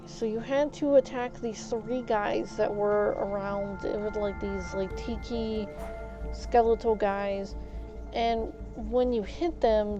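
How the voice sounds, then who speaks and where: Slow-talking woman streamer, muffled audio. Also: medium pitch. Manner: rambling, full of fillers and restarts. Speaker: live streamer. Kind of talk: casual storytelling while gaming.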